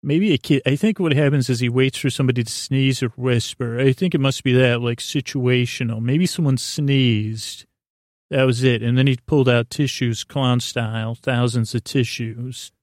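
A man's voice: mid-range voice, normal speed, dry recording, studio quality. A man hosting a podcast, telling a meandering story in a casual monologue and searching for words as he goes. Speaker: podcast host.

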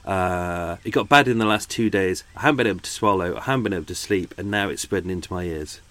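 Chatting from his home, a tired middle-aged podcast host rambles and keeps correcting himself. His voice is low and fairly bright, and he talks quickly in this casual conversation.

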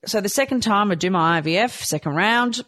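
Brisk and medium-pitched, a woman relates a personal experience with candor. Her telling is animated, and she acts out her own thoughts in quoted form.

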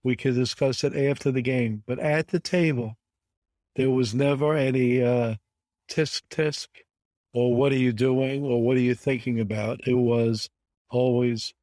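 A man's voice: mid-range voice, fairly even intonation, moderate pace, warm tone, no echo. An older man, a guest in an interview, telling anecdotes in an emphatic way and repeating words for stress. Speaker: bridge player guest.

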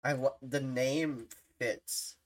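A speaker in casual livestream chat, talking slowly and haltingly. Lines are full of fillers and stalls, broken up by frequent laughs. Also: mid-range voice, steady tone. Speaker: livestream podcast co-host.

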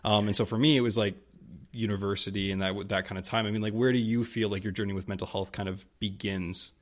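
A man's voice: on the low side, fairly even intonation. A young man hosting a podcast, asking long, rambling questions full of fillers and sharing his own experience. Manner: fast, rambling, many fillers, frequent backchannels. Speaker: podcast host. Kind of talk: casual interview conversation.

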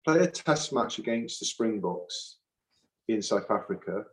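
A man's voice: fairly low pitch, animated, measured pace, rough recording. A middle-aged man, a retired rugby forward, talking in an interview, emphatic and repeating phrases for force. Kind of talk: impassioned interview talk.

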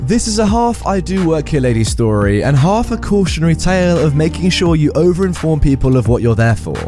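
A man's voice: fairly high pitch, very animated, fairly quick, music in the background. A man hosting a storytime podcast, reading stories aloud in an upbeat, chatty way.

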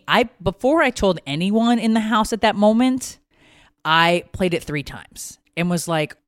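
A woman's voice: medium pitch, a little slow, no echo, clean studio sound. Emotional, swearing woman telling a story. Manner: emotional, swearing, animated retelling. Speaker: podcast co-host. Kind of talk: casual storytelling.

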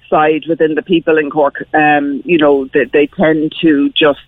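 A woman's voice: low-pitched, no room sound. A woman from Dublin with an Irish accent calling in to a radio chat, talking earnestly and enthusiastically with many fillers. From Dublin, Ireland. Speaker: caller. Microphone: phone. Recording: tinny phone line.

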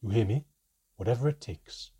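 A man voicing a stern male goblin elder who speaks low, urgent and firm, giving hard orders. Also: moderate pace, dark tone, breathy edge. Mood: commanding.

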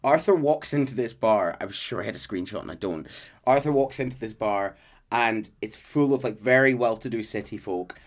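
A man co-hosting a podcast, casually retelling a game's story and slipping into quick character voices. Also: lowish voice. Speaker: podcast co-host.

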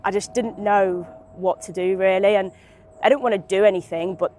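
A woman's voice: mid-range voice, fairly even intonation, normal speed, darkish tone, a little hiss or hum. A young woman from Britain, speaking candidly as an interview guest with many fillers and restarts, recorded outdoors in a park.

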